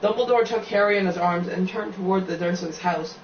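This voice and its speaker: A man's voice: high voice, fairly quick, reverberant, far from the mic, highs cut off, a little hiss or hum. A man reading a novel aloud, stumbling and restarting lines often. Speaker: reader.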